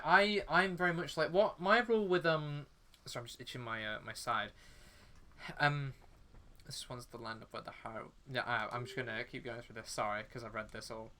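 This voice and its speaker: A man's voice: medium pitch, animated, normal speed, pauses often, bright, forceful tone, slight background noise. Chatty British guy streaming a game. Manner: rambling, chatty, lots of fillers and restarts. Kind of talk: casual chat while gaming. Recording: faint background music.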